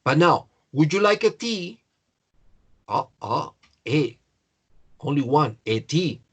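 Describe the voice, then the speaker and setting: Slow, patient man teaching grammar. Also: on the high side, sing-song, husky. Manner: slow, patient explaining with repetition. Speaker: English teacher.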